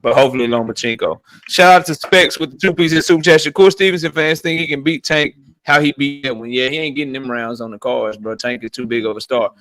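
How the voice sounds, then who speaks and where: A man's voice: mid-range voice, fast, hardly any pauses, fairly bright tone, no room sound. A man hosting a live stream debate, laid-back and profane as he moderates and reads chat. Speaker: host.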